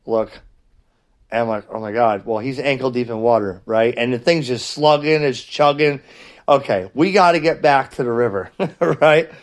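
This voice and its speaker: Exasperated middle-aged man telling a story. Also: medium pitch. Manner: animated, exasperated retelling with frequent restarts. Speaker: ham radio channel host. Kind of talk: casual storytelling vlog.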